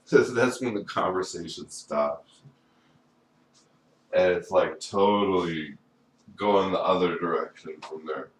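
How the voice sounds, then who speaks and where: A man's voice: deep voice, slow, pauses often. A man talking in a rambling, profane solo monologue, often filling with "you know". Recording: echoey room, voice far from mic, faint background noise.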